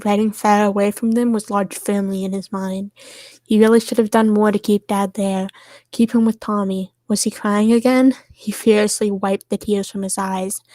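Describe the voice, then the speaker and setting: A woman reading fan fiction aloud to friends on a stream, steady and soft in the sad parts. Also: mid-range voice, dry recording.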